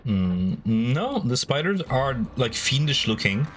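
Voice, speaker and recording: A man's voice: medium pitch, sing-song, takes it slowly, a bit bright, a little hiss or hum, rough recording. A man narrating a tabletop game as game master in a casual way, filling his speech with "like" and "uh". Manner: casual, many fillers like "like" and "uh". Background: faint music.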